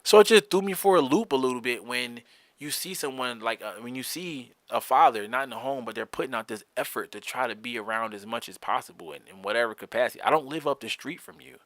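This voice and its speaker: Bright, heated, profane man podcasting. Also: medium pitch, expressive, quick pace, no room sound. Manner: heated, profane, rambling with repeated restarts. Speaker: podcast host. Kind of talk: candid solo podcast monologue.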